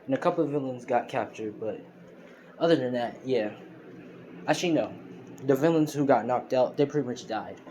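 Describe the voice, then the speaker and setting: A man's voice: medium pitch, lively intonation, normal speed, long pauses, mellow. A man casually retelling a fan-made story, rambling with lots of fillers and restarts. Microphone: phone screen recorder. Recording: noisy phone recording.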